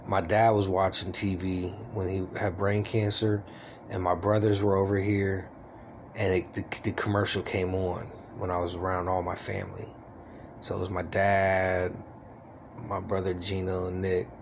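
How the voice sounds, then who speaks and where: A man in his forties rambles through a casual, confiding vlog about his life, his luck and his name, poking fun at himself. His voice is low and gravelly, with a little hiss or hum in the recording.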